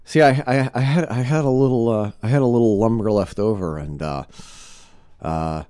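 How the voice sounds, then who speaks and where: A man playing a sheepish churchgoer who stammers through his confession in a told joke, his voice lifted a little above the teller's own deep and mellow tone. He halts and restarts constantly, adding more as he goes. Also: smooth, no echo, clean studio sound, close to an everyday voice. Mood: pleading. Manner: halting, full of stammers and fillers.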